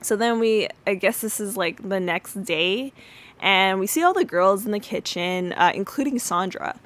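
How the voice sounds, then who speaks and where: Woman, podcast host, casual recap, filler-heavy, acts out quotes, mid pitch. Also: animated, moderate pace, fairly bright tone. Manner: chatty retelling with many fillers, acting out quotes.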